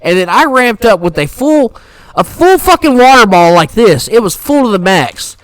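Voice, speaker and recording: Animated, profane young man storytelling. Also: high voice, normal speed, no echo, low-quality recording. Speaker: podcast co-host. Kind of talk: casual podcast storytelling.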